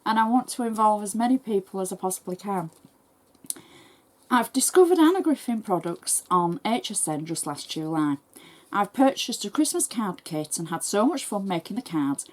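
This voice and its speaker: This crafting tutorial host from England has a medium-pitched voice. She works through viewer messages out loud in a quick, chatty manner, thanking people as she goes.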